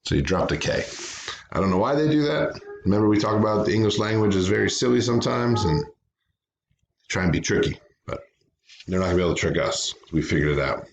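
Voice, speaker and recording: A man's voice: fairly low pitch, lively intonation, fast talker, vocal fry, a little hiss or hum. A man teaching a recorded phonics lesson to children, patiently sounding out words syllable by syllable.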